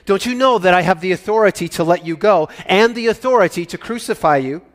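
A man's voice: high voice, expressive, fairly quick, big-room sound, voice pushed up. A man reading aloud voices Pilate, an anxious, commanding male Roman governor, raising his voice emphatically. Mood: urgent. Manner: raised, emphatic declaiming.

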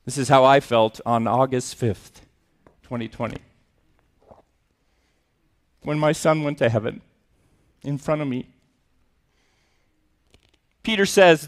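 A man's voice: mid-range voice, expressive, takes it slowly, pauses often. A middle-aged male pastor preaching a sermon, earnest and emotional, with self-mocking humor.

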